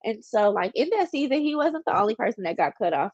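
A woman's voice: on the high side, big pitch swings, fast talker, a little mellow, dry recording. Young woman host, congested, candid rambling monologue, dry slightly dull recording. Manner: candid, rambling, heavy use of "like". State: congested, stuffy nose. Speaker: podcast host. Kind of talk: casual personal monologue.

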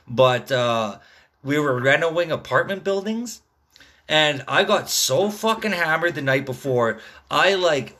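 A man's voice: a little high, bright, forceful tone. A man in his thirties rambling through a casual, profane rant, tagging his sentences with "dude" and "man.". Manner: rambling, swearing constantly, drawled "dude" and "man" tags.

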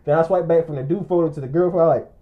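A man telling a rambling, animated story in casual chat, acting out quotes and often laughing. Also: on the high side, racing, narrow, tinny audio.

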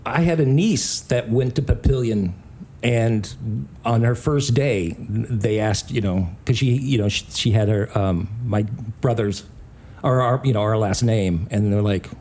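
A man's voice: fairly low pitch, measured pace, husky. A middle-aged man telling prank stories in a casual chat, acting out the voices of the people in them. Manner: animated, does character voices in anecdotes. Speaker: podcast co-host.

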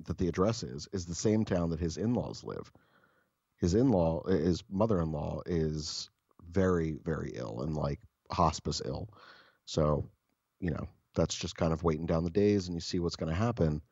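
A man with a very deep, husky voice swaps stories on a podcast, blunt and full of swearing. The sound is dry and a bit dull, as if close to a modest mic. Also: a little slow, long pauses, a little mellow, dry recording. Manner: profane, blunt and joking. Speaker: podcast co-host. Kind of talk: casual storytelling chat.

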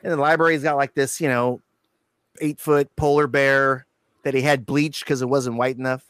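A man telling a profane, animated story as a guest on an interview show, acting out quotes. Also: medium pitch, normal speed, clean tone, no room sound, studio quality. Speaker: guitarist guest.

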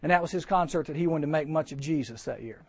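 A man preaching a storytelling sermon at a teen camp chapel, animated and acting out the voices he quotes. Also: fairly high pitch, fast talker, slightly rough, no echo.

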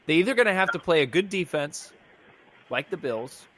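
A man's voice: on the high side, expressive, moderate pace, a bit bright, a little hiss or hum. Exasperated man ranting about football. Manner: rambling, exasperated fan rant with frequent restarts. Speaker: podcast co-host. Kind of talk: casual sports fan reaction chat.

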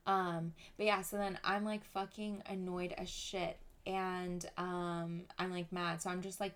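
Young female podcast host, lowish voice, animated and sweary, filler-heavy. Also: unhurried, hardly any pauses, smooth. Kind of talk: casual storytelling.

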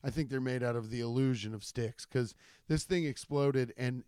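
A young man hosting his own podcast, telling rambling, profane stories with jumpy, animated energy. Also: mid-range voice, normal speed, clean tone, dry recording, clean studio sound. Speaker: podcast host. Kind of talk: casual solo podcast monologue.

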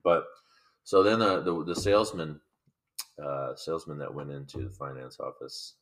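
A man's voice: a bass voice, fairly even intonation, normal speed. A man in his thirties co-hosting a casual chat, telling profane work stories and acting out his coworkers. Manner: profane storytelling, acts out quoted coworkers. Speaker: podcast co-host.

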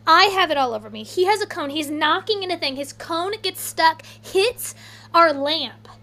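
Woman, 30s, bright high voice, chatty anecdote-teller, casual podcast banter. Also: normal speed, a little hiss or hum. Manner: animated, rambling, many "like"s. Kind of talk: casual storytelling chat.

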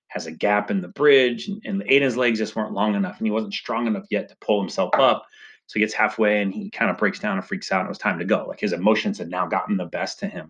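A man's voice: fairly low pitch, fairly bright tone. A man, a father who coaches salespeople, telling a personal story in a casual, conversational way, often tagging "right?" and "you know". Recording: dull lo-fi sound.

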